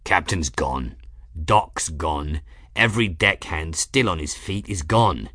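A man doing a foul-mouthed gruff ship engineer. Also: rumbling low, animated, slow pace, pushed and bright, no echo, clean studio sound, voice pushed down, heavily acted. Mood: grumbling. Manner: snarling, growling, cursing.

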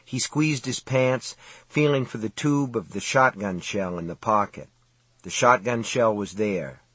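A man reads a novel aloud in a measured, dramatic way. His voice is husky, and the recording is close and dry with no room sound. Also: fairly low pitch, no room sound. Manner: steady, measured, dramatic reading. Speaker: audiobook narrator. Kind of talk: scripted narration.

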